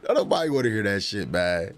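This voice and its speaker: Trash-talking man with a low voice. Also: sing-song, fast, noisy background. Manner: trash-talking, laughing, profane banter. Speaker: livestream host. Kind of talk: casual livestream chat.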